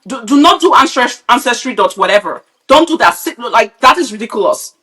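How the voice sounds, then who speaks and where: A woman's voice: on the high side, animated, a little fast, pushed and bright. A woman from Nigeria, a podcast co-host, ranting bluntly and with a lot of swearing in casual, opinionated chat. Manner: blunt, profane, heated ranting.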